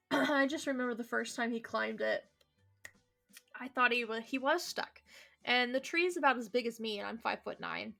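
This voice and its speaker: A woman's voice: on the high side, moderate pace, creaky, pauses often, sharp tone, soft background music. A woman playing through a visual novel, reading its lines aloud and chatting casually between them, swearing now and then. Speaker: let's play streamer.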